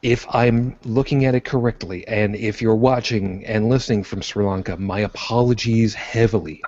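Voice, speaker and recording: Low-voiced, apologetic male podcast host. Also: fairly even intonation, moderate pace, a little mellow, muffled recording. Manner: self-deprecating, apologetic. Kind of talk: casual chat.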